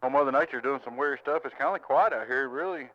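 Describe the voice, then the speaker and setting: A man from Tennessee talks fast over CB radio, his medium-pitched voice muffled and set against loud music. He's a radio operator recording the channel on a handheld mic at home, chatting casually and amiably repeating call signs and greetings in a drawl.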